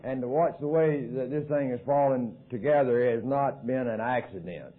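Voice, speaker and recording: A man's voice: medium pitch, normal speed. A man with a Southern American accent telling his recovery story at a meeting in a folksy, joking way. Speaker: AA speaker. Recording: tinny lo-fi 1990s tape.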